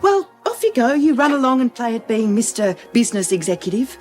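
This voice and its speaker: An actress playing an angry, fed-up wife in a 1980s TV soap, sharp and accusing. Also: female voice, a little high, sing-song, brisk. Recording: soap clip with music behind.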